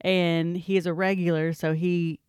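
A woman's voice: on the low side, little pitch movement, moderate pace, darkish tone, clear, resonant tone, dry recording, studio quality. A woman co-hosting a podcast with a Texan accent, talking frankly and reflectively in casual conversation. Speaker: podcast co-host.

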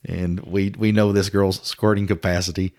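A middle-aged man, co-hosting a casual chat and telling stories quickly and frankly. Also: low-pitched. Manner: quick, animated storytelling with frank language. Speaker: podcast co-host.

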